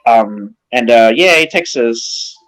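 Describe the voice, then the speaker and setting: A man's voice: mid-range voice, expressive, slow, a bit bright, poor audio. Friendly rambling man, music underneath. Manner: rambling, friendly, chatty storyteller. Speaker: podcast co-host. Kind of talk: casual podcast chat.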